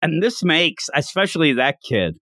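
A man's voice: a little high, big pitch swings, normal speed, pushed and bright, dry recording, clean studio sound. A man co-hosting a casual chat, animatedly retelling scenes and acting out the lines. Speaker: podcast co-host. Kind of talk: casual chat about a manga chapter.

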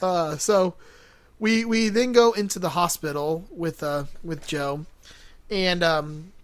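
A man's voice: high voice, slow. A man co-hosting a podcast, casually recapping a movie with lots of fillers and laughter. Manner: rambling, laughs often, many fillers. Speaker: podcast co-host.

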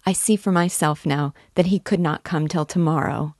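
A woman reading the lines of a timid, earnest young girl who speaks softly and hesitantly. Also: low voice, moderate pace, dry recording, clean studio sound. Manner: soft, hesitant, heartfelt.

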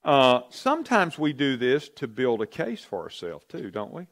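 A man's voice: medium pitch, wildly swooping pitch, moderate pace, fairly bright tone. A man leading an interactive church teaching, conversational, asking the audience questions and often repeating himself. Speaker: pastor or Bible teacher.

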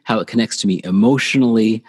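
A man's voice: on the low side, quick pace, breathy edge, in a large hall. A man, an author being interviewed on a podcast, explaining ideas thoughtfully and repeating phrases for emphasis. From United States. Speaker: author and guest. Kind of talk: podcast interview, reflective teaching.

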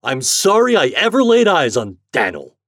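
A man voicing an enraged middle-aged market man who shouts and blusters. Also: medium pitch, animated, a little slow, dry recording, studio quality, pitched above the performer's own voice. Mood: exasperated. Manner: loud and blustering.

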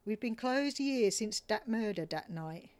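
A laid-back, murmuring island brothel boss, big and swaggering, draped in gold, as a woman reads him out in a story. His voice sits at a middling pitch with a relaxed drawl. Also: normal speed, lightly acted. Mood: easygoing.

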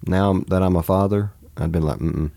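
Deep gravelly-voiced man, earnest. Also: fairly even intonation, brisk, mellow. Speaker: pastor. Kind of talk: casual conversation.

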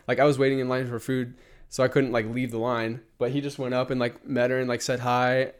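A man's voice: mid-range voice, level tone, brisk, clean tone. Young male co-host, easygoing chatter, loose and rambling. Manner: laid-back, chatty, trails off and restarts. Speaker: podcast co-host. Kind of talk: casual chat.

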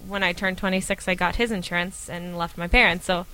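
A woman's voice: on the low side, fairly even intonation, a little fast, sharp tone, clean tone, rough recording. A woman in her twenties, a podcast guest, chatting casually with many filler words. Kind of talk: casual chat.

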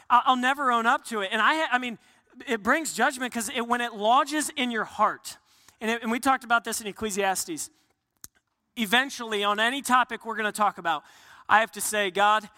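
A man preaches a sermon in a high, piercingly bright voice. He talks earnestly, restarts his phrases and acts out quotes. His voice rings with long reverb from a large hall. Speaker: pastor.

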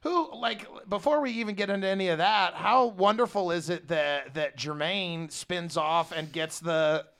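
A man co-hosts a radio show with relaxed, enthusiastic banter. His voice sits a little high for a man. He chats easily in a studio setting. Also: normal speed, hardly any pauses, clean tone. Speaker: radio co-host. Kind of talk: casual radio chat.

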